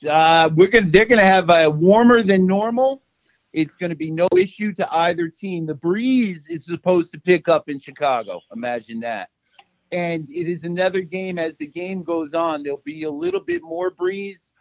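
A man's voice: sits high, lively intonation, normal speed, creaky, no echo, dull audio. A man co-hosting a casual sports podcast, playful and joking, laughing often. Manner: playful, laughs a lot, jokey asides. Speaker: podcast co-host.

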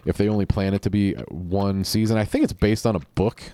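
Man, low voice, rambling casual podcast talk, dry close mic. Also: fairly even intonation, brisk, mellow, clean tone, no room sound. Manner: rambling, offhand, profane. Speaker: podcast host. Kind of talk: casual solo podcast chat.

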